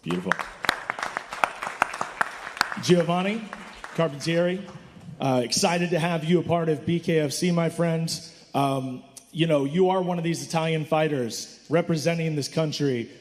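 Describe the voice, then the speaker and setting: A man's voice: a little high, moderate pace, darkish tone. A man hosting a fight press conference, hyping up each fighter in turn. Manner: upbeat, hypes the fighters. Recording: reverberant hall, faint crowd.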